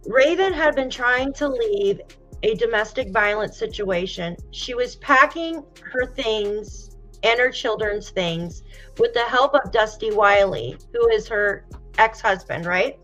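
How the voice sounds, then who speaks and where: Woman, true crime host; sympathetic, tearful-edged, unhurried delivery, dull recording. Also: fairly high pitch, lively intonation, soft background music. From United States. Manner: emotional, sympathetic, softly exclaiming. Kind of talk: casual live-stream commentary, reading viewer comments.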